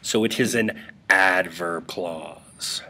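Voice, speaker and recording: A man's voice: sits low, takes it slowly, bright, forceful tone. A male English teacher giving a casual, joking lesson to students over a screen recording. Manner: playful and jokey, talking to students.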